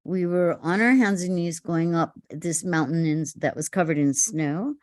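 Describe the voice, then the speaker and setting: An older actress telling stories in an interview, lively and laughing often as she acts out quotes. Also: lowish voice, normal speed, no room sound, clean studio sound. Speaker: actress guest. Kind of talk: storytelling interview.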